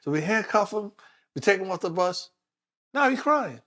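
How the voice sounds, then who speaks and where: A man, a detective telling stories in a relaxed interview. His voice sits high for a man, and he slips into other people's voices as he tells his stories. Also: moderate pace. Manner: animated storyteller, acts out other people's voices. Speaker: retired police detective, guest. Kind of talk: casual storytelling interview.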